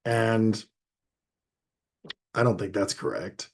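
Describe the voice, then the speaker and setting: A man's voice: on the low side, lively intonation, takes it slowly, creaky, slightly rough. A man who is a doctor, co-hosting a casual podcast and explaining his ideas in a reflective way with playful asides.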